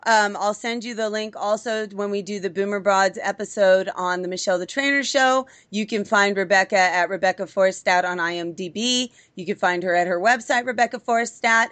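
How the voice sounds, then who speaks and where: A woman's voice: mid-range voice, moderate pace, hardly any pauses, fairly bright tone. A woman hosting a podcast, asking questions in an enthusiastic, effusive, casual way. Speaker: podcast host. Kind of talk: casual interview chat.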